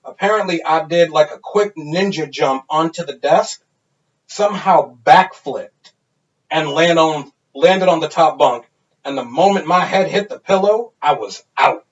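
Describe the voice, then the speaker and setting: A man in his thirties, a podcast co-host, telling a wild party story in a casual, animated and profane way. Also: fairly high pitch, a little slow. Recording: dull lo-fi sound.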